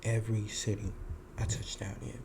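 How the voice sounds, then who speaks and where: A man's voice: lowish voice, moderate pace, creaky, background noise. Guy hosting a podcast, acts out the quotes, cusses a lot. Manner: animated, acts out quoted lines, swears. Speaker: podcast host. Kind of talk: casual storytelling monologue.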